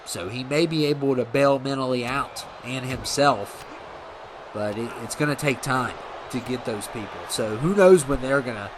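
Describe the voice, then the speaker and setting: A man's voice: mid-range voice, moderate pace, background noise. A man giving casual, rambling commentary on a video game wrestling series, often correcting himself as he goes. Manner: rambling, self-correcting, laid-back.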